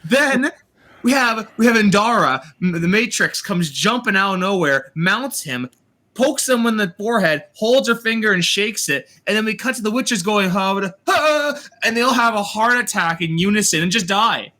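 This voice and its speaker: A man hosting a casual review chat, retelling scenes in an animated, sarcastic way with swearing. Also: sits high, normal speed. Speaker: host reviewing a TV series.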